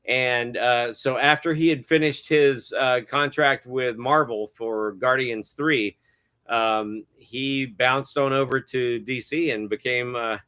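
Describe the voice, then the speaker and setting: A middle-aged man speaks as an interview guest, moving through his stories with plenty of hesitant fillers. His voice sits at an ordinary pitch, and his tone stays casual and chatty. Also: steady tone, slow, pushed and bright, clear, resonant tone. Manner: rambling, many hesitant fillers, chuckles often. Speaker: guest cinematographer.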